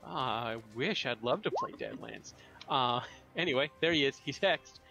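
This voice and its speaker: A man's voice: medium pitch, very animated, moderate pace, gravelly, bright, forceful tone, soft background music. A man playing in a tabletop game who jokes and rambles playfully while he describes his character's moves. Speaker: player. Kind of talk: casual tabletop play.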